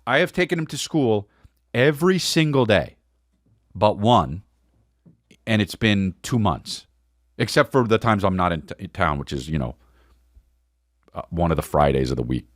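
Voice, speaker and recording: A man's voice: on the low side, sing-song, moderate pace, long pauses, no room sound, studio quality. A man hosting a podcast, telling a casual comic story in a rambling way with stammered restarts and crude words. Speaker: podcast host.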